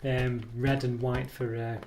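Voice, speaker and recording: A man chats through a chocolate review at a relaxed, meandering pace. His talk is loose and hesitant, with plenty of ums, restarts and self-mocking asides. The recording carries a clear hiss of background noise and the odd click. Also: mid-range voice, measured pace. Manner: rambling and hesitant, with many ums and self-corrections; self-deprecating. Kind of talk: casual product review.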